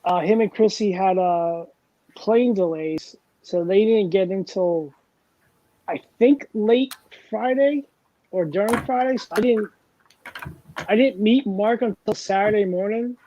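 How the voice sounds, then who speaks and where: Dark-voiced man telling rambling stories. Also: high voice, measured pace, dull audio, a little hiss or hum. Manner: rambling, self-deprecating storyteller. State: over-caffeinated. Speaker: host. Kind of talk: casual chat.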